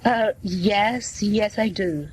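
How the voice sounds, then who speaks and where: A woman's voice: mid-range voice, darkish tone, husky, low-quality recording. A woman reading as a man with a cold. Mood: plain. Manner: slow, plain reading voice. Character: middle-aged man with a cold, chatty patient. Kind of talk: scripted dialogue for learners.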